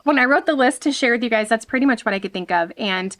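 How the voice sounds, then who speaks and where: Woman vlogging outside, candid and animated, talks right to her viewers. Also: a little high, quick pace. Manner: frank and animated, talking straight to viewers. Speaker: vlog host. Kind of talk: candid personal vlog talk.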